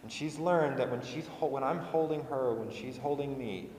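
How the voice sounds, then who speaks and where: A man's voice: medium pitch, normal speed, a little mellow, a little hiss or hum. Young man preaching in an echoing hall. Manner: earnest and conversational, repeating phrases for emphasis. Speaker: pastor. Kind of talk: sermon. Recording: echoey hall with long reverb.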